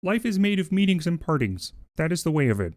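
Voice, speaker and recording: Guy doing a gentle frog puppet, soft airy voice, quiet and a bit wistful, dry close sound. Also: a little high, very animated, brisk, no room sound, pitched above the performer's own voice.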